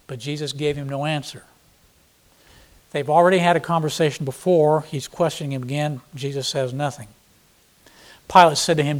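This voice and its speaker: A man's voice: on the high side, fairly even intonation, normal speed, long pauses. A man preaching a sermon, reading scripture and explaining it in blunt, plain paraphrase, with dramatic emphasis on quoted lines. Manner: dramatic, acting out quoted speakers with sudden loud emphasis. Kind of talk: expository sermon.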